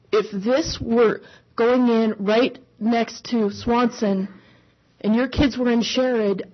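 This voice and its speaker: A woman's voice: fairly high pitch, breathy edge, highs cut off. A woman giving emotional public testimony at a meeting, earnest and pleading, close to tears and apologizing as she speaks from the heart.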